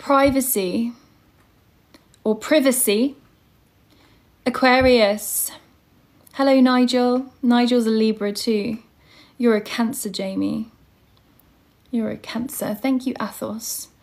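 A woman's voice: on the high side, steady tone, slow pace, pauses often, a little mellow. A young woman hosting a casual livestream and teaching English online, greeting viewers by name and reading out their star signs.

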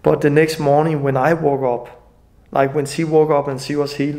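A middle-aged man with a Danish accent telling an emotional personal testimony, halting and often restarting his sentences. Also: fairly high pitch, level tone. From Denmark. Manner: halting, restarts often, non-native grammar. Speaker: ministry leader.

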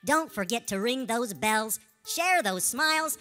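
A man's voice: very high-pitched, animated, a little slow, pushed and bright, soft background music, full character voice. A man voicing a cheerful, bell-loving gingerbread man puppet who sings and makes corny puns. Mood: sweet. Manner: sweet, sing-song, corny puns.

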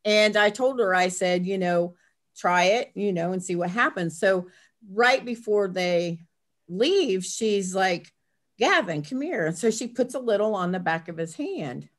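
An older woman, a grandmother, chatting as a guest in an interview and telling a family story in a casual, animated way. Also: unhurried. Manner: chatty, acts out family quotes with lively pitch jumps. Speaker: guest, herbal blend maker.

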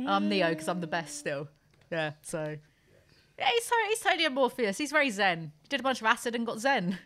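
A woman's voice: medium pitch, big pitch swings, brisk, a bit bright. Brash joking woman podcaster. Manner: brash, jokey, swearing freely. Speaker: podcast host. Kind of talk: casual podcast banter.

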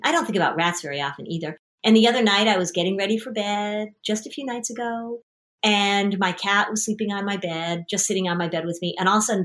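Lively middle-aged woman coaching a family. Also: medium pitch. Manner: lively storyteller, acts out scenes with voices. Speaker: anxiety therapist and podcast host. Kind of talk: coaching a parent and child in session.

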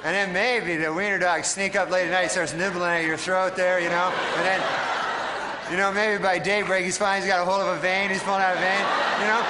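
A man from Canada doing a stand-up comedy set, deadpan and rambling with lots of fillers. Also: high voice, fairly quick. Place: TV studio stage. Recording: crowd laughter and noise of a TV studio audience.

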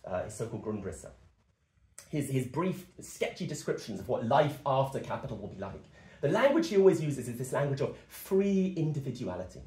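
A man's voice: medium pitch, a little mellow. A young man giving an impassioned, emphatic political speech at a meeting. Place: meeting room. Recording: echoey meeting room.

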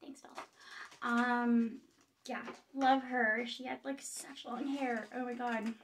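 Bubbly high-voiced woman in her thirties. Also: slow pace, distant mic, background noise. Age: 30s. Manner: bubbly, excitable, rambling. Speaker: vlogger. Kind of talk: casual unboxing vlog.

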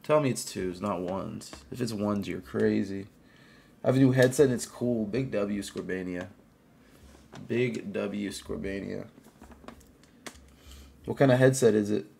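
A man streaming a game live, chatting casually with viewers, greeting them by name and reacting out loud to plays. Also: on the low side, measured pace, vocal fry, pauses often, slight background noise.

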